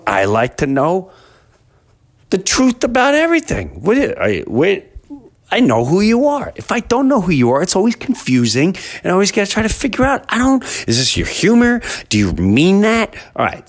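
Animated man telling a comic story. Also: on the high side. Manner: animated, exaggerated storytelling with many restarts. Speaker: podcast host. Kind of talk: comedic storytelling.

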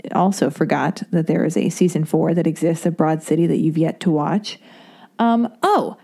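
Woman, young adult, solo podcast host; loose, filler-heavy, self-deprecating chat, warm low tone. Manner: chatty and rambling, heavy on fillers, self-mocking. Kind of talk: casual solo podcast intro.

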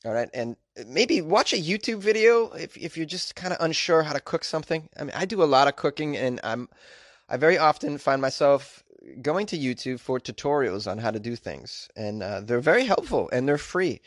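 A man's voice: fairly high pitch, very animated, moderate pace, no room sound, studio quality. A man hosting a podcast, reading news stories and riffing on them with jokey, rambling asides. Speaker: podcast host. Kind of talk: casual news commentary podcast.

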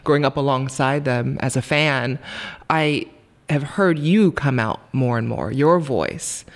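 A man's voice: medium pitch, a little slow. A man interviewing a guest, emotional and effusive as he talks about what her story means to him. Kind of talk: conversational interview.

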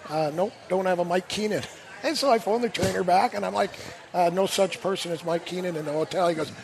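A man's voice: high-pitched, a little fast, vocal fry. A middle-aged man, a former hockey player and guest, telling dry, funny stories in casual chat, laughing and quoting others. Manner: wry, laughs through stories, quotes others.

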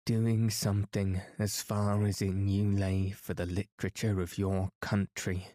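A cranky, rheumatic old teacher grumbles his advice in a low, flat voice, as a man reading a storybook puts him on. The delivery is slow and gruff. The sound is close and dry. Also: dry recording.

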